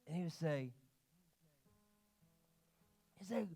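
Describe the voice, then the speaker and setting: A pastor delivers a lively sermon in a church, his voice pitched a little high for a man. He tells stories with animated energy and acts out the people he quotes. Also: slow pace, creaky, faint music behind. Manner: animated storytelling, quoting himself and others. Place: church sanctuary.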